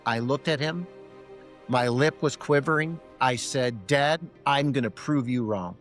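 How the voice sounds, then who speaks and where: A man's voice: medium pitch, unhurried, faint music behind. A middle-aged man, a podcast guest, telling a personal story and acting out both sides of a remembered conversation. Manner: animated, acts out both sides of remembered dialogue.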